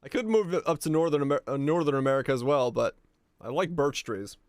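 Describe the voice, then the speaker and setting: Speaking a language other than English, a young man from Finland streams games and talks casually with his viewers. His voice is a little high, animated, fairly quick and a touch mellow; he's relaxed, curses often and laughs easily, recorded in studio quality with no echo.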